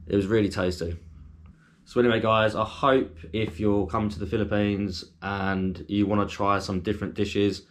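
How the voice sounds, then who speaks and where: A man with a fairly low voice talks easily to his viewers as a food vlogger. He rambles a little, circles back to repeat things and fills his pauses with plenty of ums, keeping an informal, conversational flow. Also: slight background noise. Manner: chatty, rambling, with frequent ums and fillers. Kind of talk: casual food review to camera.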